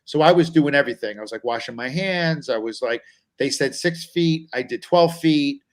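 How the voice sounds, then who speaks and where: Speaking at an ordinary pace in a somewhat high voice, a male comedian guest shares casual funny stories about his own life. His delivery wanders, pokes fun at himself, and sounds anxious.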